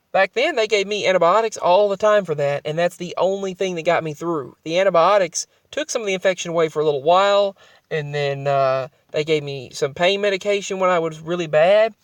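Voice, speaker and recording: Rambling young man, slightly high voice. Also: a little fast, smooth, dry recording. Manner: rambling, restarts, emotional. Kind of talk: personal storytelling vlog.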